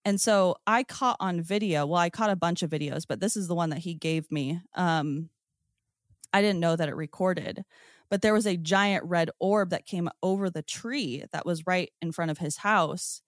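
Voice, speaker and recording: A woman guest on a podcast, telling her own story in a casual, excited way, with lots of "like" and "um". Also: lowish voice, normal speed, no echo, clean studio sound. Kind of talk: casual first-person storytelling.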